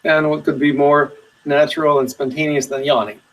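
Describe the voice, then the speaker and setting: A man teaching meditation in a webinar, giving slow, soothing guided instructions with long pauses. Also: on the high side, flat delivery, far from the mic, low-quality recording.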